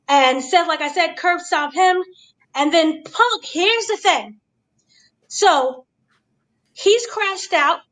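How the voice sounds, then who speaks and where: Female host, high voice, animated casual recap. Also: low-quality recording. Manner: animated, acts out quotes.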